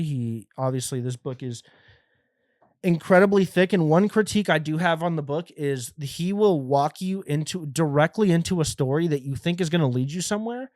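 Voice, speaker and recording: A young American man hosting a comedy podcast, rambling through a profane, animated monologue full of restarts. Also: on the high side, dry recording, clean studio sound. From United States. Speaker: podcast host.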